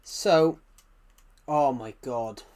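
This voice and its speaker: Extremely slow and a little mellow, this man's medium-pitched voice carries a British accent; he's from the United Kingdom. On a live game stream he chats casually, rambles, replies to chat messages, and keeps restarting what he's saying.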